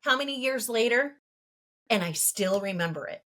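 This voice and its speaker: A woman in her fifties from California, a podcast guest telling a personal story in an earnest, halting way and laughing between thoughts. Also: fairly high pitch, expressive, pushed and bright. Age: 50s.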